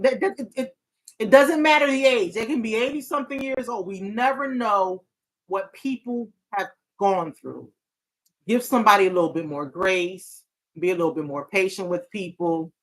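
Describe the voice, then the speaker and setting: A woman hosting a talk show as a therapist, speaking earnestly in a casual, heartfelt way. She often restarts her sentences and breaks into laughter. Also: fairly low pitch.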